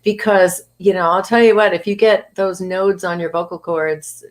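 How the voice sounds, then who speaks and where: A woman from New England talking as a voice actor guest in a casual interview, chatty and animated, laughing often. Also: fairly low pitch, moderate pace.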